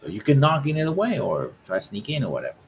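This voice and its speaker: A man narrating as game master for a tabletop game, halting and full of fillers. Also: medium pitch, wildly swooping pitch, slight background noise, rough recording.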